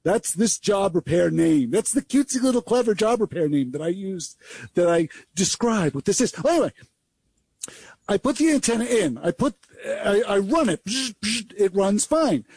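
An older man co-hosting a radio show, telling a repair story in a lively, chatty way with mouth sound effects. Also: high voice, normal speed, gravelly, slightly rough, dry recording. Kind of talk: casual radio chat.

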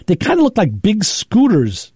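A man hosting a show, telling rambling, animated stories in casual chat and acting out what people said. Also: high voice, normal speed, husky, dry recording. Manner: rambling, animated anecdotes with acted-out quotes. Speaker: show host.

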